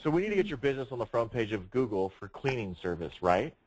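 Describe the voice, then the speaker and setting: A man's voice: medium pitch, expressive, fast, darkish tone. A man leading a sales training session, speaking emphatically, projecting his voice and firing rhetorical questions. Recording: noisy room recording.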